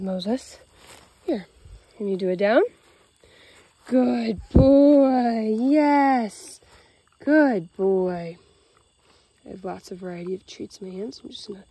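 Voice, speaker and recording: A woman dog trainer explaining leash walking while praising her dog in a bright, high voice outdoors. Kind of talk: narrating a leash-training demo.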